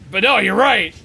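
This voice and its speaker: A man streaming a video game, talking casually and breaking into animated, profane shouted rants. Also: sits high, vocal fry, breathy edge. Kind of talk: casual live-stream commentary.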